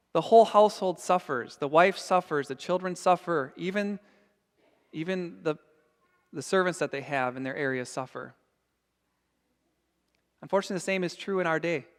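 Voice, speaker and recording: In a church sanctuary with big-room sound, a man preaches a sermon as pastor in a high-pitched voice at normal speed with long pauses. He is earnest and emphatic, acting out scenes.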